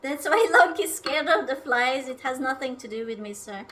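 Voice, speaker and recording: A woman's voice: high-pitched, animated, moderate pace, a bit bright, distant mic, a little hiss or hum. A woman streaming herself cooking at home, chatting casually, rambling, swearing often and talking to her food and her viewers. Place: home kitchen.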